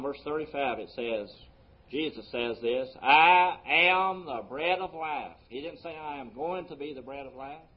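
A man pastor preaching a sermon, his voice swelling on key words and dropping low between them. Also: lo-fi sound. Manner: preaching with sweeping rises and drops in loudness.

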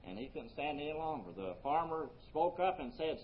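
A man preaching a sermon earnestly, his voice rising for emphasis and then dropping soft. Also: fairly high pitch, sing-song, normal speed, hardly any pauses. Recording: muffled lo-fi recording.

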